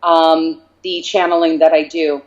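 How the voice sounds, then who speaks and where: A woman medium talking as an interview guest, telling stories in a lively way and acting out bits of dialogue. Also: sits low, measured pace. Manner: animated storyteller, acts out dialogue. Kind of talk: casual interview talk. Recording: slightly dull lo-fi sound.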